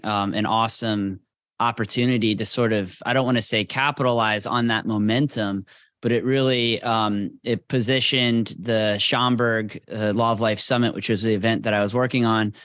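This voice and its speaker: A man's voice: mid-range voice, a bit bright, no room sound. Man speaking in a dry, close sound. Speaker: guest, attorney and radio host. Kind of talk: casual talk.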